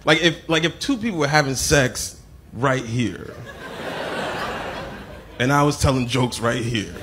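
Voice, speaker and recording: A man's voice: mid-range voice, a bit bright, slight background noise. Matter-of-fact stand-up man. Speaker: stand-up comedian. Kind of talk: stand-up set.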